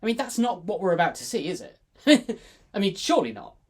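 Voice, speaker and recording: Playful woman, lively comic film commentary. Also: medium pitch, a little fast, breathy edge. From United Kingdom. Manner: playful, exclaiming, ironic. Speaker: film review co-host.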